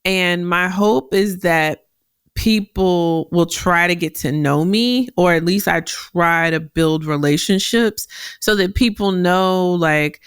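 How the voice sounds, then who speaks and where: Woman podcast host, deep carrying voice, dry close mic, straight-talking and lively. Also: takes it slowly, smooth, no echo. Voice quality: deep voice that carries. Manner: direct, animated, laughs often. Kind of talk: solo career advice podcast.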